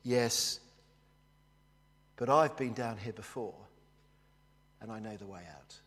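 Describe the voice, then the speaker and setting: A calm loyal friend speaks low and quiet, steady and reassuring, as a preacher voices him. A long church-hall reverb trails behind. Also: male voice, slow, a little hiss or hum.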